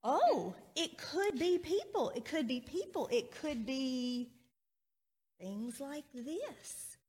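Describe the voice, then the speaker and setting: A woman's voice: sits high, sing-song, slow, a little mellow, husky. A woman in a church sanctuary giving a children's sermon, friendly and asking the children many questions. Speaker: children's minister.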